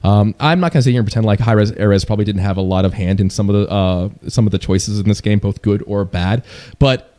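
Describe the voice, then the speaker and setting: A man's voice: fairly low pitch, quick pace, mellow. A young man ranting casually to his viewers as a gaming streamer, profane and repetitive, jumping into mocking voices when he quotes others. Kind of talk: casual rant to camera.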